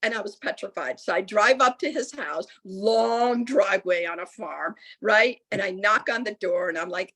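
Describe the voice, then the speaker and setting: A middle-aged woman from the United States, a lieutenant governor speaking as a guest, telling a story with lively acted-out voices. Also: medium pitch, moderate pace, hardly any pauses. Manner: animated storyteller acting out quoted voices. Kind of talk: storytelling answer at a public talk.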